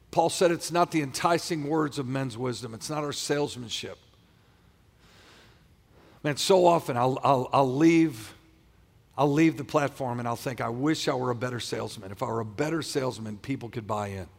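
A man's voice: mid-range voice, vocal fry, long reverb tail. A male pastor preaching a sermon, emphatic and often repeating and restarting his phrases.

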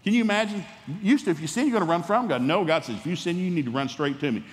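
A man delivers a sermon with a somewhat high voice, animated and folksy, slipping into playful acted-out exchanges. His voice rings out with the long reverb of a large church hall. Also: fast talker. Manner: animated, folksy, humorous preaching that acts out dialogues. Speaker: pastor.

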